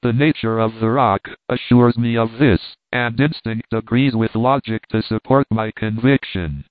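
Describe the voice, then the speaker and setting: A man's voice: medium pitch, steady tone, unhurried, dry recording, close to an everyday voice. A man reading a stern, obstinate old professor. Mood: firm. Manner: firm, commanding. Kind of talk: audiobook reading. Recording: dry, phone-like narrow sound.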